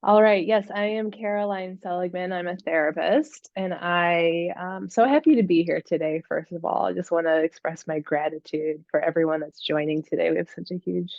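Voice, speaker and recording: Woman therapist in her thirties, gravelly, earnest, dull lo-fi call audio. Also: lowish voice, moderate pace, hardly any pauses, no room sound. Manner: earnest, searching for words with many fillers. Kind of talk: panelist introduction. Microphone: video call.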